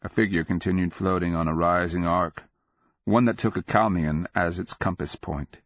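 A man narrating a fantasy audiobook in a measured, grave, deliberate way. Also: low-pitched, steady tone, a bit bright. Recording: dull lo-fi audio.

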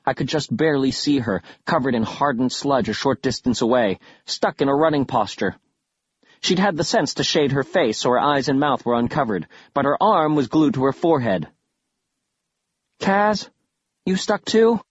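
Husky, animated audiobook narrator man. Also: mid-range voice, brisk, dry recording, lo-fi sound. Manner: animated, wry, deadpan asides. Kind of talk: scripted narration, comic first-person storytelling.

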